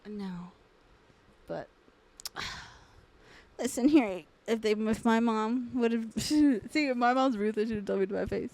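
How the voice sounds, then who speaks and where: Loud, crude young woman host laughing. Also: fairly high pitch, unhurried, long pauses. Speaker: podcast co-host. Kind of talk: casual chat.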